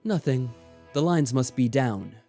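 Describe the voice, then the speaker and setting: A man's voice: mid-range voice, animated, a little slow, dark tone, soft background music. A man voicing a courteous, composed wealthy mansion owner while reading a visual novel aloud, trying for a posh tone but staying close to his own voice. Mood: polite, composed. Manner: tries for posh but stays near own voice.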